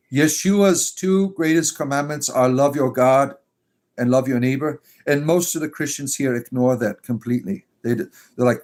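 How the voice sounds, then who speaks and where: A man's voice: mid-range voice, a little mellow. A man hosting a pagan livestream, reading and answering chat comments in a sarcastic, exasperated way with lots of fillers. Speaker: pagan clergy livestream host.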